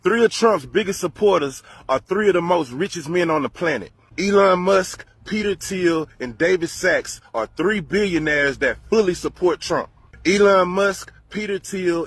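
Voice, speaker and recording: A male host giving emphatic, indignant reaction commentary in a steady narrating delivery. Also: on the high side, breathy edge, no echo.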